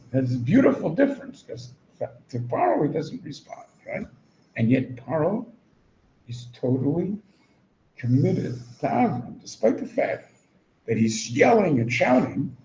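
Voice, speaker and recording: A man giving a Torah lecture as an animated, joking storyteller who acts out quotes and drops in Hebrew and Yiddish words. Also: medium pitch, a little slow, pauses often. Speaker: Torah teacher. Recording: roomy, dull recording, faint hum.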